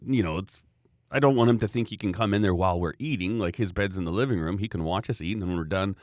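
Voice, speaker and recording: Low-voiced guy rambling on, dry close mic, kinda wry. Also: quick pace, a little mellow, dry recording. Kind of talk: casual chat.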